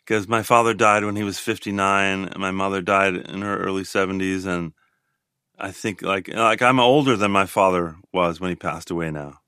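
A man in his sixties talks things through slowly and openly as an interview guest, often stopping to restart a thought. His voice has a bright, forceful edge. The recording is dry and close. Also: low voice, steady tone, smooth, dry recording. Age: 60s. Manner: thoughtful, halting, with frequent restarts. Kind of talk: reflective interview talk.

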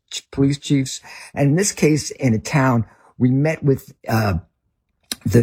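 This is a middle-aged man with a Northern US accent and a very husky, rough voice, sitting at a mid pitch. He tells his story earnestly as an interview guest, often stopping to restart his sentences. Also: dark tone. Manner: earnest, halting with many restarts. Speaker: ministry leader, guest.

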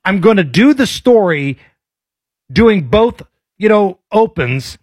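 A male radio host, talking in a high, bouncy voice that swings widely in pitch. He banters playfully and puts on a mock newscaster read now and then. His voice is a little husky, and the sound is dry and close. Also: sing-song, slow pace, no room sound. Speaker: radio talk show host.

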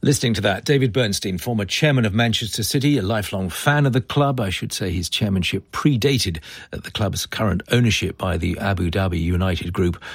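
Male radio presenter, low husky voice, measured, dry studio sound. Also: no echo. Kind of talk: radio news discussion.

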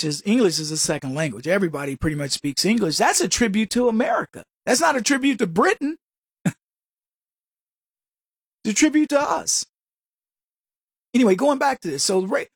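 A man giving an opinionated monologue as a political commentator, firing off sarcastic rhetorical questions in an animated way. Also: high-pitched, gravelly, husky, no echo, clean studio sound.

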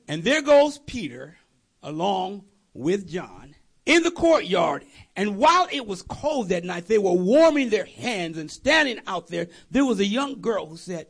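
Animated preacher with a raspy high voice. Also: male voice, unhurried. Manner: animated, conversational, jokey asides. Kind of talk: storytelling sermon.

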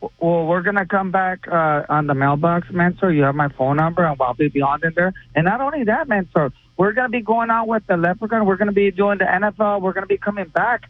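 High-voiced hyped-up man on the phone. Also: brisk, dry recording. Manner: excitable, hyped-up. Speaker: regular caller. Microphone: phone line. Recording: tinny phone line.

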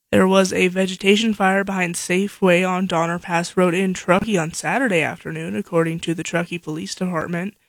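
A woman's voice: fairly low pitch, no echo. Woman anchor reading local news.

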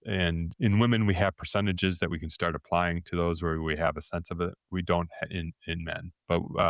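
Very low-voiced man, earnest. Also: dry recording, clean studio sound. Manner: earnest explaining, acts out quoted lines. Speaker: researcher guest. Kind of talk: interview answers.

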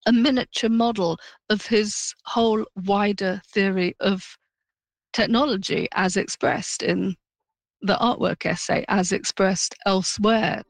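Slow, thoughtful woman professor. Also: medium pitch, steady tone, gravelly, no room sound. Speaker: professor, interviewee. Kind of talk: interview.

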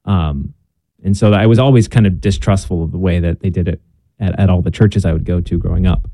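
Earnest young man with low mellow voice. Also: steady tone, fairly quick, dry recording. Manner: earnest, self-deprecating, with frequent ums and restarts. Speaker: guest. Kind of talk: casual conversation about faith.

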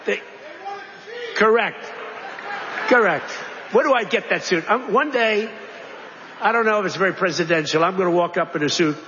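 A man's voice: high-pitched, a bit bright, a little hiss or hum. A man giving a rambling rally speech, full of boastful jokes and digressions. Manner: digressive, boastful, joking asides. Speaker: political speaker at a rally. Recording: echoey hall, slightly dull sound.

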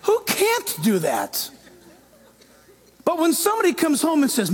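A man pastor preaching a sermon in an animated way, acting out quoted voices. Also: very high voice, unhurried, pauses often.

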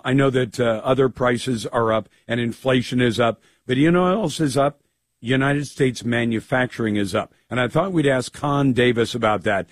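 Man, gravelly voice, talk radio host, chatty, mid pitch, dry sound. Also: no echo. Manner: conversational, rambling with fillers.

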